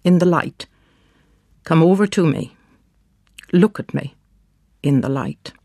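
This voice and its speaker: A storybook reader gives a frantic, dramatic performance as a grief-stricken mother in bed, shrill and pleading, her words speeding up as she accuses and then breaks down. The voice has a gravelly rasp yet a mellow quality. The recording is dry and close, with no room around it.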